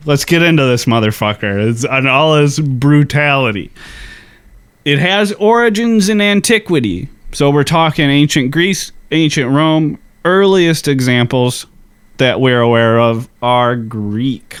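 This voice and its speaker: Male podcast co-host, mid-pitch, easygoing profane explainer, wry. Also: a little slow, smooth. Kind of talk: casual history podcast chat.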